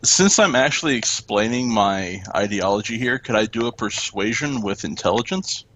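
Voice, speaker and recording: A man playing a tabletop game, answering calmly and briefly. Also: on the low side, moderate pace, a little hiss or hum. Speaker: player. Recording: dull sound, faint keyboard clicks.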